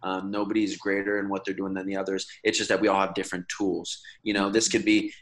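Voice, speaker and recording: Earnest, low-voiced man urging others on. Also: completely flat delivery, fast, fairly bright tone. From Michigan. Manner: earnest, persuasive, with frequent restarts. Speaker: podcast guest, activist. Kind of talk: casual conversational interview.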